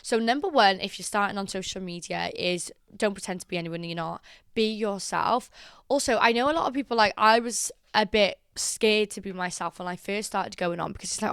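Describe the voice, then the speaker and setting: Young woman, smooth and dry-sounding, talkative vlogger giving animated advice. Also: medium pitch, moderate pace, no echo. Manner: chatty and animated, acts out quotes. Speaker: social media creator. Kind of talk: casual advice vlog.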